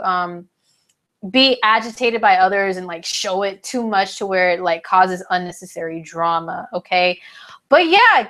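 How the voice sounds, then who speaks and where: A woman's voice: medium pitch, fairly bright tone. Chatty, slangy woman astrology vlogger. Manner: chatty and slangy, with many fillers. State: a little stuffy, sinusy. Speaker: astrology video host. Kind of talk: casual talk to camera.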